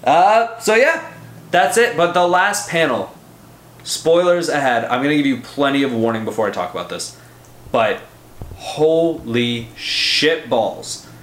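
A man hosting a casual comic book review podcast, excitable and profane, rambling with lots of fillers. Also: a little high, moderate pace, roomy sound.

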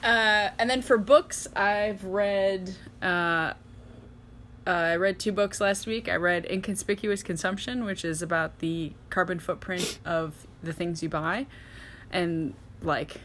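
A woman's voice: lowish voice, a bit bright, slight background noise. A woman in a casual podcast chat, rambling through what she has been reading and watching, with laughter and dry sarcastic asides. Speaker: podcast co-host.

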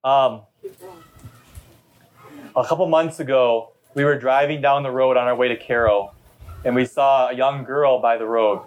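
A man's voice: mid-range voice, fairly even intonation, measured pace, long pauses, highs cut off. A middle-aged man, a pastor, preaching a sermon in a chatty, storytelling way during a church service. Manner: conversational storytelling preacher, talkative.

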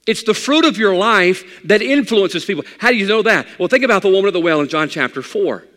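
High-voiced man preaching in a hall. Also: lively intonation, fast, sharp tone. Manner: conversational preaching with folksy humor. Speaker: pastor. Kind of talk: sermon.

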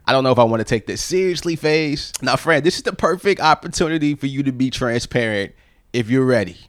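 A man's voice: mid-range voice, animated, brisk, dry recording, clean studio sound. A man hosting a podcast, teasing and blunt in casual chat. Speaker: podcast host.

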